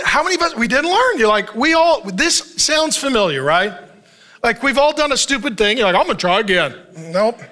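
A man pastor preaching a sermon as an animated, joking storyteller who chuckles often. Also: very high-pitched.

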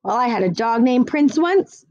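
A woman reads a mild, sheepish father for a storybook, soft-spoken and a little lame in his replies. The sound is dry and slightly dull. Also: on the high side, expressive, moderate pace, no echo.

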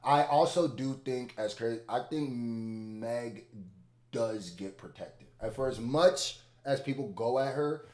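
A man hosting a reaction video, chatting casually with loud laughing outbursts and low mutters. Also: a little slow. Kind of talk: casual commentary reacting to a song. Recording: echoey room.

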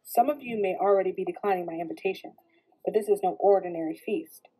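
A woman's voice: mid-range voice, fast talker, dark tone, husky, close to an everyday voice, poor audio. A woman reading the lines of a theatrical male announcer who makes a formal proclamation. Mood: proclaiming.

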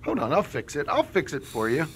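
In a comedy sketch, a man plays an erratic, jittery robber who lurches between menacing threats and apologies. His voice sits on the high side with huge pitch swings, a breathy edge and a slightly fast pace, all heavily acted.

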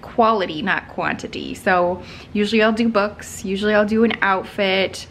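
A woman's voice: medium pitch, fairly even intonation, moderate pace, fairly bright tone, a little hiss or hum. A woman in her thirties chatting casually to her camera in a vlog, rambling a little and laughing now and then. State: out of breath. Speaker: vlogger. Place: at home, then in a car and out in the cold.

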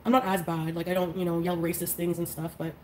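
A woman's voice: on the low side, flat delivery, fast talker, faint music behind, poor audio. A woman chatting casually on a livestream, congested and drowsy from flu medicine, rambling with lots of fillers and small laughs. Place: bedroom.

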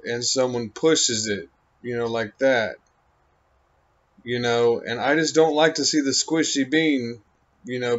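Slow, rambling man on a dull recording. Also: mid-range voice. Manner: halting, meandering, full of "you know" and "um". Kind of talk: rambling stream-of-consciousness monologue.

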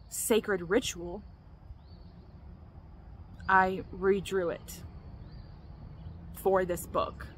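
A woman's voice: mid-range voice, fairly bright tone. A woman vlogging in a casual, earnest, rambling way, restarting her sentences, with faint noise behind her. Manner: rambling and earnest, restarts often, laughs between thoughts. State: emotional, choked up. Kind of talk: casual vlog talk.

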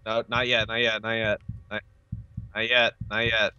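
A man's voice: lowish voice, level tone, normal speed, pushed and bright, clean tone, no room sound, muffled recording. A man playing a video game with a friend, calling out frantic, complaining instructions. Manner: frantic, complaining calls to teammate. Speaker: fellow player. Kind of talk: casual game chat.

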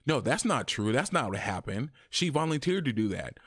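A man talking casually in a review vlog, chatty and animated, his voice jumping higher when he quotes people. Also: moderate pace, slightly rough, no room sound, clean studio sound. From Arizona, USA. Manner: chatty, animated, often rises in pitch when quoting. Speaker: YouTube reviewer.

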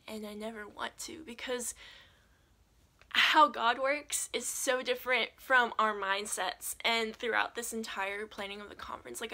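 A young woman telling a personal faith story as a vlogger, earnest and animated, with lots of "like". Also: fairly high pitch, creaky. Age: young adult. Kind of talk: personal testimony.

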